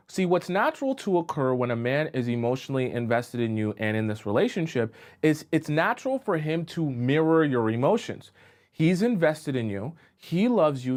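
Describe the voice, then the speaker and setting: A man coaching women on relationships in a live-stream talk, explaining slowly with repeated examples and checking whether listeners follow him. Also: fairly high pitch. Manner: keeps checking in with listeners, asking if they follow.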